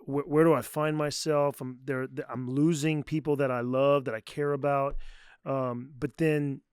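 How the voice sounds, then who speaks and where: A man's voice: mid-range voice, little pitch movement, moderate pace, darkish tone, smooth, no echo, studio quality. A man hosting a podcast interview, reflecting thoughtfully before posing his question. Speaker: podcast host.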